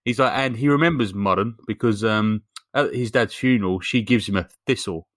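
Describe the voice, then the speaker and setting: A man hosting a podcast, recapping a film in a deadpan, sweary, jokey way. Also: fairly low pitch, a little fast, dry recording, studio quality. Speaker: podcast host. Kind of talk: casual chat recapping a film.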